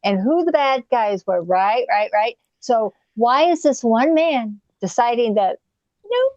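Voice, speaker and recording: A woman's voice: a little high, sing-song, unhurried, a little mellow, dry recording, dull audio. A woman co-hosting a political livestream, making points in an insistent, pointed way. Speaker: co-host. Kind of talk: heated political livestream chat.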